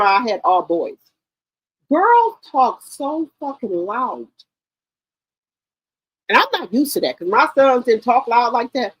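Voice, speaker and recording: A woman's voice: high voice, slightly rough, dry recording, rough recording. A woman hosting a gossip channel in casual livestream commentary, talking straight to her viewers with heavy swearing.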